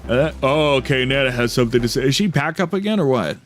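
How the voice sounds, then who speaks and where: A man's voice: medium pitch, lively intonation, quick pace, soft background music. Playful man reading a game story aloud. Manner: playful, dry storytelling with casual asides. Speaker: game streamer.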